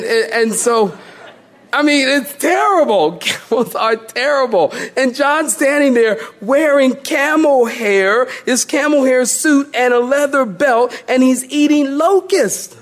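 A man preaching a sermon as pastor in a church, emphatic and animated, with humorous asides. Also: very high-pitched, slow.

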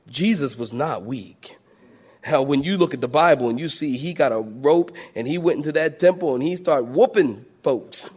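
A middle-aged male pastor delivers a sermon in a fairly high voice. He tells stories with a lot of motion, sinking to a soft, low murmur before climbing back up to loud, raised lines. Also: lively intonation, normal speed, slightly rough.

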